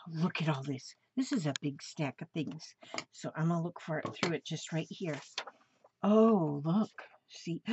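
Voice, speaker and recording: A woman's voice: deep voice, noisy background. An older woman opening mail on her crafting vlog, gushing and gasping with delight over each item in a casual chat. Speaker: crafting vlogger. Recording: dull lo-fi home recording.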